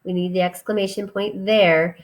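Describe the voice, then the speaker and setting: A woman teacher gives a recorded grammar lesson to children, patient and deliberate as she spells out each step. Her voice is medium-pitched with fairly even intonation.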